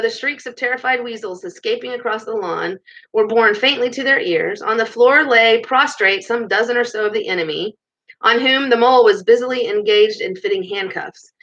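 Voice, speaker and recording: A woman reading a children's novel aloud in a lively way, with chatty asides, in a muffled recording. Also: a little high. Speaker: storybook reader.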